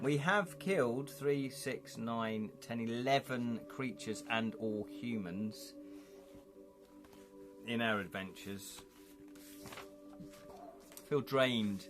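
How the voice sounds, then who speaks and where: Excitable man playing a gamebook. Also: medium pitch. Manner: excitable, forgetful chatter. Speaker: host and gamebook narrator. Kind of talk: live-streamed gamebook play.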